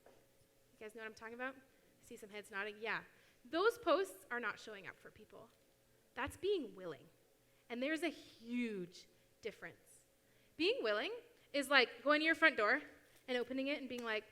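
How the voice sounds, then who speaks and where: A young woman preaches in a casual, animated way and slips into quoted voices now and then. Her voice is bright and a bit high. It rings with a long hall reverb. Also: a little fast. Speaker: youth speaker at church. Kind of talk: sermon talk. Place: church hall.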